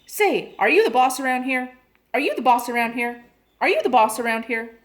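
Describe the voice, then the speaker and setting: A woman voicing a cross, rude female parrot who yells and repeats herself in a storybook reading. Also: very high voice, expressive, normal speed, voice pushed up. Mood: rude, yelling. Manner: rude, yelling, repetitive.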